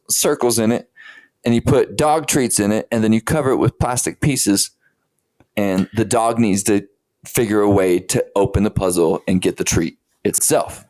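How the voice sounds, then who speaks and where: A man co-hosting a podcast, telling a story in casual, profane chat and acting out the lines he quotes. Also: mid-range voice. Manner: animated storyteller, swears a lot, acts out quotes. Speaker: podcast co-host.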